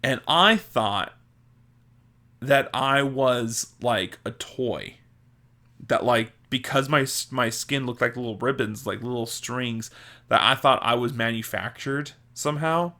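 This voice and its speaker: A man's voice: medium pitch, takes it slowly, pushed and bright. A young man hosting a podcast, telling childhood stories in a rambling, casual way full of fillers. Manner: rambling, filler-heavy, laughs at own stories. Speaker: podcast host. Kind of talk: casual storytelling monologue.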